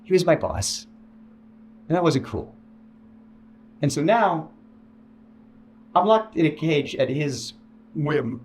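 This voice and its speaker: A man telling his own story about working as an employee, rambling and self-deprecating, quoting other people in animated voices. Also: a little high, takes it slowly, long pauses. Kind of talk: personal storytelling in a video.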